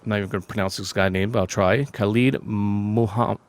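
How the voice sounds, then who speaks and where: A man's voice: sits low, steady tone, very fast. A man hosting a podcast in casual chat, reading a news article aloud with frequent stumbles and swearing. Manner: loose and profane, stumbles over words while reading. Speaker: podcast host.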